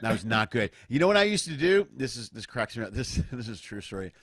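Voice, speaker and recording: A middle-aged man hosting a casual remote comedy chat, an animated storyteller who acts out other people's voices. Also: medium pitch, quick pace, background noise. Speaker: podcast host. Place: home, remote video chat.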